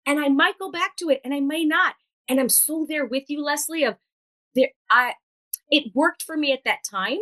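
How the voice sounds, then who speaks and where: A woman's voice: high voice, fairly quick, bright, forceful tone, rough recording. A woman guest on a podcast, earnestly explaining ideas in casual chat and playfully acting out quotes.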